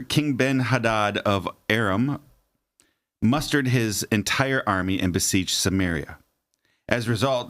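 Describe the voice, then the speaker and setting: Low-voiced man reading scripture slowly. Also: fairly bright tone. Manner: jokey, laughs often, slows down to read aloud. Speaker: podcast co-host. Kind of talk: casual chat and scripture reading.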